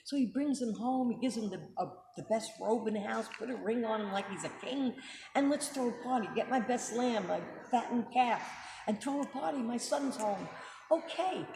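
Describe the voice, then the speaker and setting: A woman's voice: fairly high pitch, moderate pace, vocal fry. A middle-aged woman hosting a casual religious commentary, talking emphatically and firing off rhetorical questions to check you're following. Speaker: host. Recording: echoey room with background noise.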